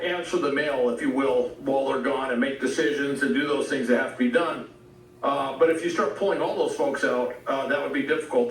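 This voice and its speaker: Distant, roomy man explaining military command. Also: a little high. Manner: measured, explanatory, military jargon. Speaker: military commentator. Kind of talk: broadcast interview. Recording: clip replayed, roomy and distant.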